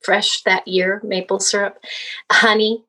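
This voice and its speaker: A woman with a husky, slightly breathy voice talks as a podcast guest. She reminisces in a loose, chatty way, full of ums and little restarts, at a mid-range pitch. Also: little pitch movement, unhurried, bright, forceful tone. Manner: chatty, reminiscing with many fillers. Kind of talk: casual interview chat.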